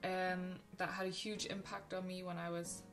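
Over music, a young female film vlogger casually recommends films she adores to camera, gushing and chatty, stumbling into ums and restarts. Her lowish voice moves little in pitch and keeps a moderate pace.

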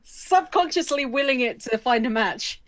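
A woman's voice: sits high, animated, normal speed. A woman chatting casually as a guest gamer over an online voice call, patiently explaining the matchmaking. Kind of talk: casual gaming chat.

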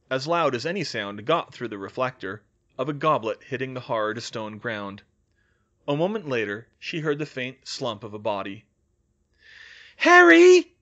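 A man narrating a fan fiction audiobook in an expressive storytelling manner. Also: mid-range voice, muffled recording.

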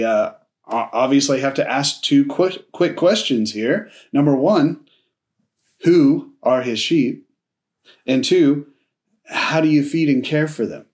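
A man preaching a casual sermon, telling the story in a relaxed, conversational way and acting out bits of dialogue. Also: fairly high pitch. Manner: casual storytelling with friendly slang; acts out dialogue in his telling. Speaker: pastor.

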